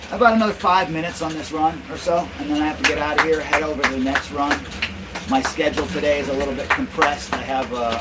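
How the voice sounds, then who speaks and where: A man running a casual livestream from a van while exercising a dog, explaining things plainly to viewers and cooing praise to the dog in between. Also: mid-range voice. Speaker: dog exercise business owner. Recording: distant mic with loud background noise.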